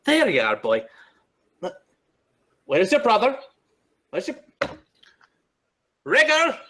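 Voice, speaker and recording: Man doing a chatty, eager woodsman-scholar, pitched up and bright, rambling on. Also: normal speed. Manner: rambling, talks constantly, excitable.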